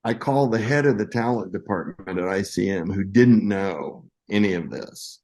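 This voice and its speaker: Man in his sixties, actor guest, lowish voice, animated storyteller, plays the voices he quotes. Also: normal speed, rough recording. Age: 60s. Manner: lively anecdotes, acting out quoted voices. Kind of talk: casual interview storytelling.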